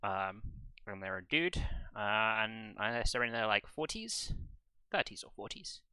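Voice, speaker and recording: Male game master, very bright smooth voice, laid-back and wry. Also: on the low side, expressive, measured pace, no echo. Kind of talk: narrating a tabletop game.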